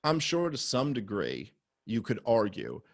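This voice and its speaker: A man, a podcast guest, telling a story in a casual conversation with lots of swearing and fillers, now and then rising to loud, heated outbursts. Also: mid-range voice, huge pitch swings, measured pace, dry recording, studio quality.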